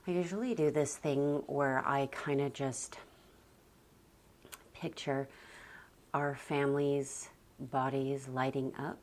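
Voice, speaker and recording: A woman with a strikingly deep, low voice for a woman talks slowly and unhurriedly. She is a homeschooling mom speaking casually to her viewers. Her tone is calm and soft, and she pauses with sighs and the odd "like". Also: a little hiss or hum. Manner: slow, calm and soft-spoken, with sighs and frequent "like". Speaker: homeschooling mother and parenting vlogger. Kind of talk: casual reflective talk to camera.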